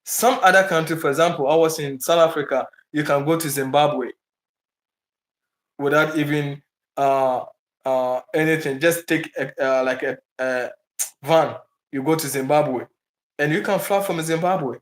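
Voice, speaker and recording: A man's voice: on the high side, a little slow. A man speaking in a loose, conversational monologue to his viewers, often restarting his sentences. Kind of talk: casual monologue to camera. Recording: roomy echo.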